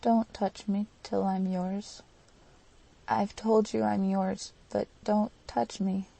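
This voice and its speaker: A woman's voice: mid-range voice, little pitch movement, slow pace, gravelly, dark tone, low-quality recording. A woman voicing an impassioned young woman in an audiobook, pleading and emotional. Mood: imploring.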